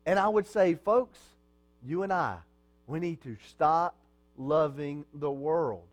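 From the pulpit, a pastor addresses his congregation slowly in a fairly high voice. His style is conversational, and he asks rhetorical questions only to answer them himself.

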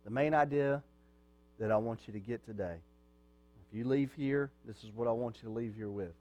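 A man's voice: medium pitch, fairly quick, darkish tone. A man preaching a sermon as pastor, in a conversational way, asking his congregation questions and answering them.

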